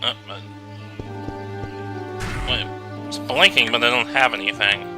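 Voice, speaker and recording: A man's voice: mid-range voice, fairly even intonation, unhurried. A man commentating on a video game in a sarcastic, exasperated tone. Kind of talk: sarcastic let's play commentary. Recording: game music loud behind voice. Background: game music.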